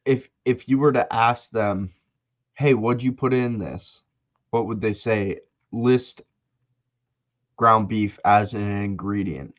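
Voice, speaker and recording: Young man, podcast co-host, casual rambling chat, slow delivery, muffled lo-fi audio. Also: fairly low pitch. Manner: laid-back, rambling asides.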